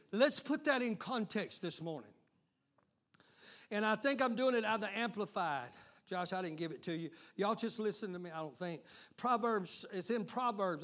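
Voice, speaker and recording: A male pastor preaching a sermon, swinging from fervent shouts to hushed, confiding asides. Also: high voice.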